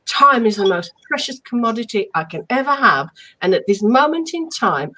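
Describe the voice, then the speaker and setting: Lady on a video call, high voice that swoops up and down, really emphatic and upbeat. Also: normal speed, poor audio. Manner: emphatic, affirming, animated delivery. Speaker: co-host of a live stream. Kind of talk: live stream chat on self-help.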